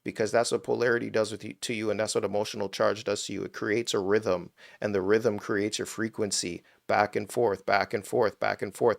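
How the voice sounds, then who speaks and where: A man's voice: fairly low pitch, gravelly, no room sound, clean studio sound. A young man hosting a live stream on spirituality and money, explaining casually and bluntly with lots of "right?" tags and the odd swear word.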